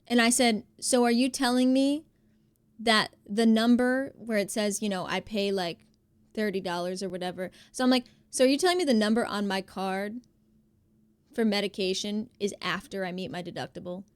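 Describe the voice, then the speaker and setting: A young woman, streaming live and telling a story to her chat, acting out the quotes in an animated, exasperated way. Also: medium pitch, moderate pace, clear, resonant tone, no echo.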